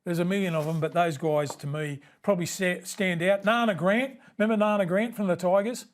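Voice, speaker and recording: This Australian man in his sixties talks in a fairly high voice. He tells stories with a lot of energy, laughs easily and keeps saying mate. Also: brisk. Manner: animated storyteller, laughs often, calls everyone mate. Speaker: podcast guest, former rugby league player. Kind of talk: casual chat.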